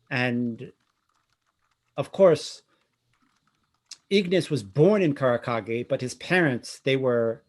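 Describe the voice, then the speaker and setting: An eager young nun with a light French accent, earnest and a little halting in speech, as a man plays her in a tabletop game. The voice sits at an ordinary middle pitch. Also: natural voice.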